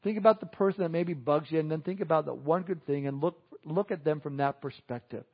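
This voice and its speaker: A man's voice: on the high side, a little fast, husky, muffled recording. A man preaching a conversational sermon, chuckling and adding asides to the congregation. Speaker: pastor.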